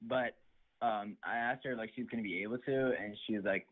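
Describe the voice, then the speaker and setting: A man's voice: on the low side, brisk. A teenage boy calling in to a show, hesitantly retelling a story about a girl with lots of fillers. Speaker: caller. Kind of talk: rambling phone story. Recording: tinny phone line.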